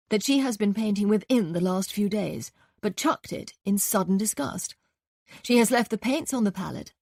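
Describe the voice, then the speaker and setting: A woman reading an audiobook, voicing a chatty upper-class gentleman detective with playful drawling asides. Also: medium pitch, vocal fry, dry recording, studio quality.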